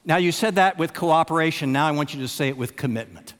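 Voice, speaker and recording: Preacher man in an echoing hall. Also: a little high. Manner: dramatic, repeats phrases with long pauses, swings from loud emphasis to hushed. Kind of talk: sermon. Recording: long reverb of a large hall.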